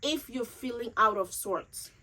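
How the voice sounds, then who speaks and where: A woman's voice: a little high, unhurried, sharp tone, poor audio. A grieving young woman vlogger telling a personal story to camera. She talks earnestly and emotionally, repeating phrases for emphasis.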